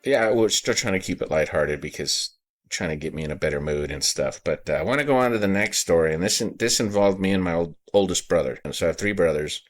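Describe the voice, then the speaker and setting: A man hosting a podcast, telling a personal story in a halting way, repeating words and getting choked up. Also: deep voice, animated, soft background music. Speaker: podcast host.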